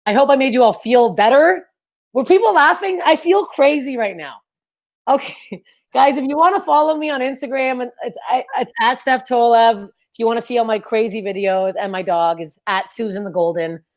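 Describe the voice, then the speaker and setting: A woman's voice: on the high side, normal speed. Young woman comic on a video call, crude and rambly, pokes fun at herself. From Canada. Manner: crude, self-deprecating, rambling. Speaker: stand-up comedian. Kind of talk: stand-up set over video call.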